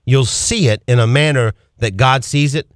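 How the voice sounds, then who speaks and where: A man hosting a call-in radio show, preaching with fervent, rapid-fire rhetorical questions from a studio. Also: mid-range voice, no echo. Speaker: radio talk show host.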